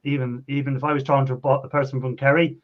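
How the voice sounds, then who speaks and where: A man from Ireland hosting a casual live chat, lively and quick to laugh. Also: medium pitch. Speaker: host. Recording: dull lo-fi sound.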